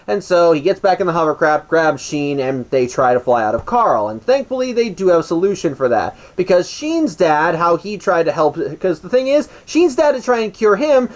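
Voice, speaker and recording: A man hosts a casual podcast, walking through a cartoon episode's plot in a loose, rambling way. His pitch leaps around a great deal, full of rises and dips. He keeps restarting sentences and tosses in dry little asides. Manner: rambling, with frequent restarts and self-corrections; wry asides.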